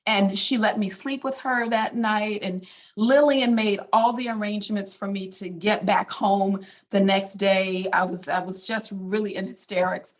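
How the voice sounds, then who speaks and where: Middle-aged woman, mid-pitched, casual storyteller with lots of fillers, physician giving a community talk. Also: fairly even intonation, a little slow. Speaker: physician speaker. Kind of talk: personal testimony talk.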